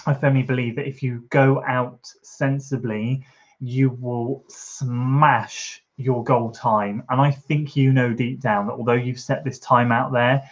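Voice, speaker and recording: A medium-pitched man speaks a little slowly with flat delivery in a muffled recording, chatting casually on a live stream from his home kitchen. He reads out chat comments and responds, rambling with fillers and offering encouragement.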